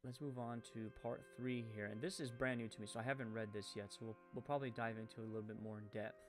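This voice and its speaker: A man's voice: mid-range voice, steady tone, fast, faint music behind. A man with a French-Canadian accent giving rambling live-stream commentary, full of fillers, who corrects his own stumbles.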